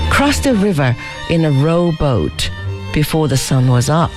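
An audiobook narrator giving a measured, unhurried scripted reading. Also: medium pitch.

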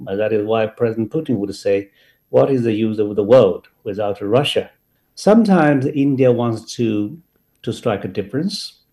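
A man, answering a panel question in a lowish voice. His tone is mellow and soft-edged. He hesitates often and fills gaps with uh. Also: animated, normal speed. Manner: hesitant, many uh fillers. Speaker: panel guest.

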